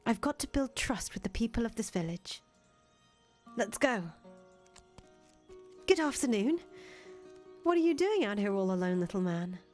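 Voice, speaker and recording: A woman's voice: on the high side, big pitch swings, measured pace, long pauses, darkish tone, faint music behind. A woman voicing a flustered, friendly young traveler. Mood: earnest. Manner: chatty, easily flustered, stammers when nervous. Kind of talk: fan voice acting of a visual novel.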